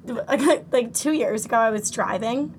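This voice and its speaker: A woman's voice: on the high side, a little slow, a little hiss or hum. A woman co-hosting a casual chat, teasing her friend and rambling through her own story. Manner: teasing, rambling, with many restarts and fillers. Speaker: podcast co-host.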